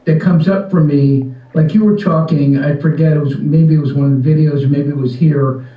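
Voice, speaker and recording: A man's voice: a little high, fairly even intonation, normal speed, recorded from a distance. A man asking his sales coach for help, hesitant and full of fillers, heard over a remote call. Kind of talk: casual conversation. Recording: roomy, dull sound away from the mic.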